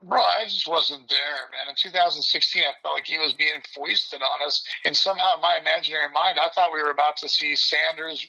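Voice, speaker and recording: An older man telling stories as a podcast guest in a brash, animated way, often mimicking other people. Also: on the high side, brisk, gravelly, hardly any pauses, poor audio. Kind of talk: casual storytelling interview.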